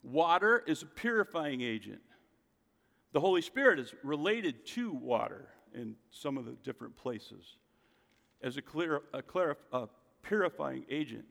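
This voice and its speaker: A man preaching a sermon, leaning on his points and posing questions to the listeners. His voice sits somewhat high for a man. It rings with the long reverb of a large hall. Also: expressive, unhurried, gravelly, fairly bright tone. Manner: emphatic preaching, rhetorical questions. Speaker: pastor.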